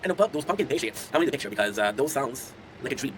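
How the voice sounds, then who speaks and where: Fast-talking young man telling stories. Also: mid-range voice, expressive, a little hiss or hum, rough recording. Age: 20s. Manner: chatty, laughs often, addresses viewers directly. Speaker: content creator streaming to chat. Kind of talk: casual rambling storytelling.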